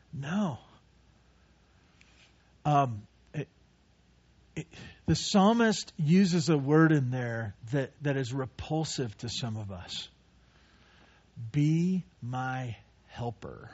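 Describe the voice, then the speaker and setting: A man preaching a sermon in an earnest way, often repeating words and swinging between quiet asides and raised, urgent passages. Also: breathy edge, highs cut off. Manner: earnest preaching with repeated words and sudden rises in pitch and volume. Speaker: pastor.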